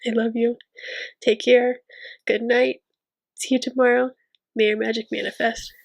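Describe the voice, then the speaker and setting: A woman hosting her own channel, speaking a tearful, rambling, heartfelt outro in a soft and encouraging way. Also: on the high side, flat delivery, unhurried, vocal fry. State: tearful, weepy. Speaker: channel host reading a book aloud. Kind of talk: casual heartfelt vlog outro.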